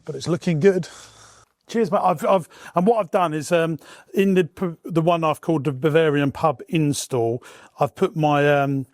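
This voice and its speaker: A man's voice: fairly high pitch, darkish tone, no room sound. Chatty businessman vlogging. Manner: enthusiastic, chatty, addresses viewers as Chuds. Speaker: entrepreneur vlogger. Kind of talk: walk-and-talk vlog. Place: outdoors at a farm and in warehouses.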